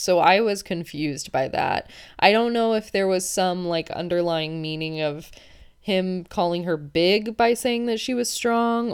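A woman's voice: fairly low pitch, smooth. A woman hosting a podcast, recapping a reality show in chatty, opinionated talk full of "like". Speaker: podcast host.

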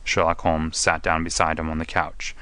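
Deep, crisp man reading a classic story. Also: little pitch movement, pushed and bright, dry recording. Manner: measured, distinct reading with voices for each character. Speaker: audiobook narrator. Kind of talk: scripted narration of a classic detective story.

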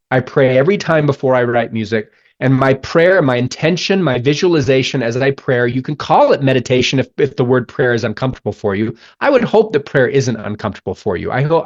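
Earnest man telling a story, dull recording. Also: mid-range voice. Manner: earnest, reflective storytelling with frequent restarts. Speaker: guest musician. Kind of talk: podcast interview.

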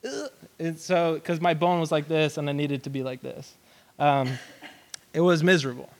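Animated young male youth preacher. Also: a little high, moderate pace. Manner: animated storyteller, many fillers like "um" and "like". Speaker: youth pastor. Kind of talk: casual sermon with personal story.

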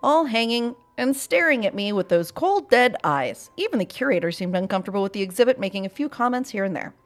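A woman hosting a podcast, reading a listener's spooky story aloud in a casual, profane way with deadpan asides. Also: a little high, brisk. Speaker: podcast host.

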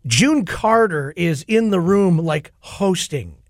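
A middle-aged man hosting a podcast, an animated storyteller who acts out quotes in casual chat. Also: high voice, slow pace, no echo, clean studio sound. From Minnesota. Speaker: podcast host.

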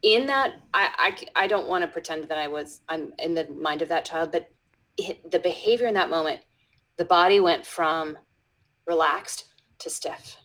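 A woman educator, a guest in a conversational interview, telling a story with frequent restarts and dropping into soft whispers when she quotes someone. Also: low voice, normal speed, poor audio.

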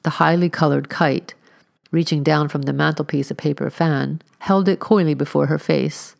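Low-voiced woman narrating a story. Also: steady tone, normal speed, creaky, a little mellow. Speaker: audiobook narrator. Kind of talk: scripted narration.

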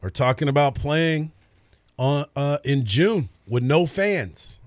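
A man co-hosting a sports radio show in casual chat, laid-back and agreeable, often answering with a quick "right.". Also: a little high, lively intonation, dry recording.

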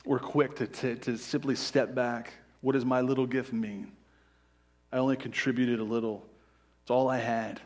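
A male pastor delivers a sermon in a church with earnest, emphatic conviction. His voice sits at an ordinary middle pitch, and his preaching builds and swells with intensity. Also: level tone, moderate pace, darkish tone. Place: church sanctuary.

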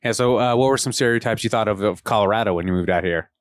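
A man's voice: on the low side, no echo. A man hosting a podcast, asking curious questions in a casual interview chat. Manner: curious, quick asides and laughs. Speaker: podcast host.

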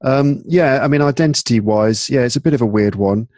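With a mid-range voice and a brisk pace, an Englishman who hosts a podcast and teaches English talks in a relaxed, chatty manner. He uses frequent fillers and restarts, and there's no room sound.

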